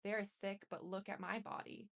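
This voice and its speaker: A woman's voice: mid-range voice, little pitch movement, moderate pace, gravelly. A woman narrating a first-person memoir in a blunt, bitter storytelling manner. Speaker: memoir reader. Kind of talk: audiobook narration.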